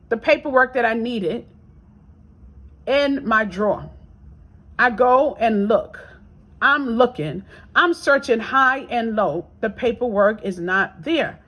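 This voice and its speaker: A woman vlogging a casual faith testimony, chatty and repetitive, swinging between hushed prayer and raised exclamations. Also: a little high, rough recording. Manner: chatty and repetitive, with laughs and asides.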